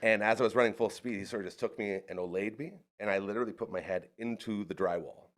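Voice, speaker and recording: Man with a low voice telling stories. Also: fast talker. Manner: animated, acts out the other people in his stories. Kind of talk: casual storytelling chat. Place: studio of a live podcast.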